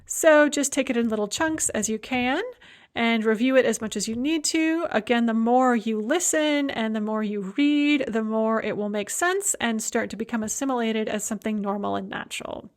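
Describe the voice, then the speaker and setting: A woman with a fairly high voice delivers a recorded lecture from her slides. She moves through each example word slowly and carefully, with a measured teacher's delivery. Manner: slow, deliberate reading of example words. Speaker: language teacher.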